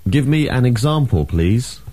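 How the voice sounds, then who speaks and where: A man teaching a language lesson, reading drills and asking questions with clear, emphatic delivery. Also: mid-range voice, lively intonation, a little slow, warm tone.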